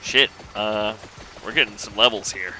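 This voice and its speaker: A man casually commenting on his own gameplay, thinking aloud in a relaxed, rambling way. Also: on the low side, normal speed, a little hiss or hum, low-quality recording. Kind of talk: casual let's-play commentary.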